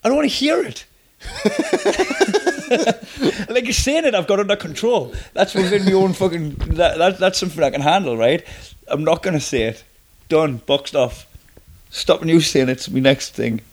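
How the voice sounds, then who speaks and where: A man in his thirties co-hosting a podcast, ranting in an animated, sweary way during casual chat. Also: fairly high pitch, moderate pace, long pauses, a little hiss or hum. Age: 30s.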